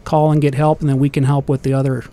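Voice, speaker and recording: A man explaining aviation safety in a calm, steady manner during a casual panel talk. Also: medium pitch, fast talker.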